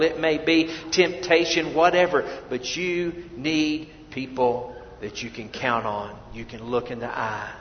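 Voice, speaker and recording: High-voiced preacher in an echoey hall. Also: male voice, a little hiss or hum. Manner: preaching with swings from soft, hushed lines to loud emphatic ones; repeats words and restarts often. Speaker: pastor. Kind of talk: sermon. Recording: echoey hall, dull lo-fi sound.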